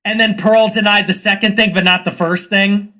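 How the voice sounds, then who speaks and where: A man's voice: sits high, fairly even intonation, moderate pace, bright, forceful tone. A man hosting a livestream, talking in a casual, rambling rant with a sarcastic edge. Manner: sarcastic, rambling, slips into mocking put-on voices. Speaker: livestream host. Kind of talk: casual ranting monologue.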